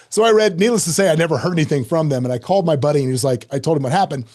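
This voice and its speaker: A middle-aged man telling a story as a podcast guest, lively and self-mocking, acting out quoted lines. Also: fairly high pitch, quick pace, hardly any pauses. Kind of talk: animated storytelling in an interview.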